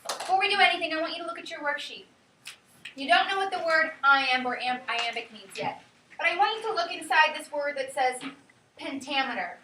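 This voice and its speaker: A high, bright woman's voice leads a classroom lesson, lively and chatty. She keeps checking in with the class. The sound is roomy and distant, as if caught by a camera across the room. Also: fairly quick, a little hiss or hum. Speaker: teacher.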